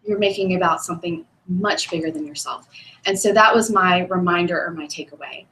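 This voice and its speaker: A woman's voice: fairly low pitch, fairly quick, very noisy. A woman giving an earnest personal testimony at a sales meeting, hesitant and full of ums, recorded from a distance. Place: meeting room, speaking up front. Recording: echoey room from a distant mic.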